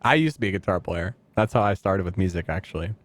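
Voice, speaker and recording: A man's voice: deep voice, animated, fast talker. A man who sings in a metal band, chatting casually as a podcast guest, laid-back and laughing often, swearing freely.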